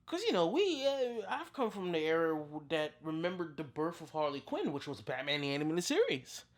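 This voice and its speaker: Excitable film reviewer with big pitch jumps. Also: brisk. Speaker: movie reviewer, channel host. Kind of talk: casual spoken film review.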